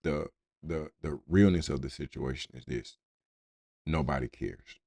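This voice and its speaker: A man's voice: very deep voice, measured pace, creaky, warm tone, no room sound, studio quality. A man hosting a talk show, speaking bluntly and informally in a casual, conversational way. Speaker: host. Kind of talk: casual commentary.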